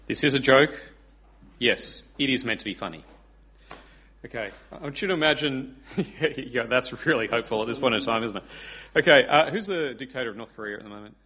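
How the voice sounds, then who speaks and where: A man's voice: medium pitch, brisk, pushed and bright, breathy edge. A man preaching a sermon in a casual, joking way with fillers. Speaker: pastor.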